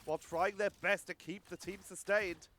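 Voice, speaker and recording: A man casting a competitive video game match live, giving rapid play-by-play and chatting about viewer comments. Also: high voice. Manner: rapid excited play-by-play, talks to chat. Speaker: esports caster.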